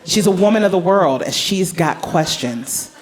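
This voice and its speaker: Woman stand-up, club stage, handheld mic. Animated storyteller, big pitch swings, laughs along with the room. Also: moderate pace. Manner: animated, acts out voices, laughs at own jokes. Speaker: stand-up comedian. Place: comedy club stage before a live audience.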